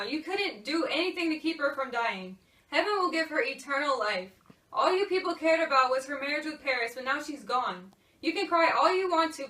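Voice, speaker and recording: A woman's voice: high voice, pushed and bright. Teen girl playing a consoling priest. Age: teens. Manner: firm, consoling preaching. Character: calm consoling male priest. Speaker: student actor. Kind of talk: amateur school play. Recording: echoey room, from far off.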